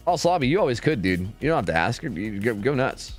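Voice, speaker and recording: A man's voice: medium pitch, very animated, a little fast, husky, soft background music. A man chatting casually with his stream viewers, rambling and swearing a lot, full of fillers. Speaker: streamer and game caster.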